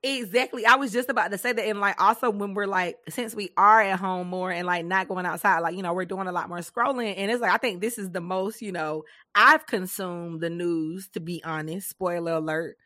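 Bright, animated woman podcast host. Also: on the low side, a little fast, hardly any pauses, no echo, studio quality. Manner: animated, laughs often, dramatic emphasis. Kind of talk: casual chat.

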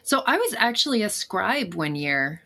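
A woman's voice: medium pitch, sing-song, moderate pace, pushed and bright. A woman co-hosting a podcast in casual chat, giggly and self-deprecating. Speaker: podcast co-host.

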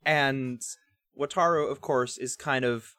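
A man with a mid-range voice talking in relaxed podcast chat, swearing freely and slipping into acted-out quotes. The recording is dry and close. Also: medium pitch, takes it slowly, no echo. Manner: casual and profane, acts out quotes. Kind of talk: casual chat.

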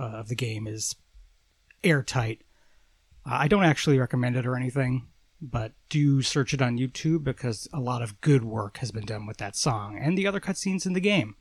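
Male listener message, mid pitch, dry humor, dead-dry recording. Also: normal speed, no room sound. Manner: relaxed, dry and joking, with fillers. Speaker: listener giving a recorded explanation.

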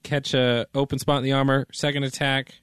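A man's voice: medium pitch, level tone, brisk, noisy background. A young man playing a tabletop game, eager and chatty, narrating his own actions. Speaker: player.

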